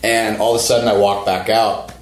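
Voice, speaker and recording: A man's voice: lowish voice, level tone, fairly quick, roomy sound, slight background noise. A man, a touring musician, telling stories in a laid-back, profane casual chat.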